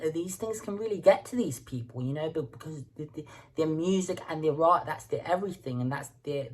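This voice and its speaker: A woman's voice: low voice, slightly rough. A woman hosting a music reaction video, talking casually and stumbling over repeated words as she thinks aloud.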